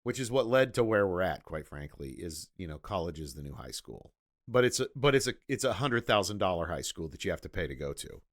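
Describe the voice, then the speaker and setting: A man's voice: deep voice, very animated, no room sound, studio quality. A man co-hosting a podcast, talking eagerly about a movie, often stopping and restarting his sentences. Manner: enthusiastic, halting, lots of restarts and "like". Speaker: podcast co-host. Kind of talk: casual movie-recap chat.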